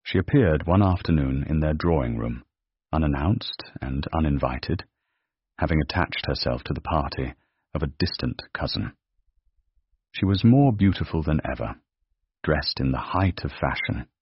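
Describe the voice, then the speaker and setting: Very deep, husky male storyteller. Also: lively intonation, no echo. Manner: measured, dramatic storytelling. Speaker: narrator. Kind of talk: scripted storybook narration. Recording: dry, dull lo-fi.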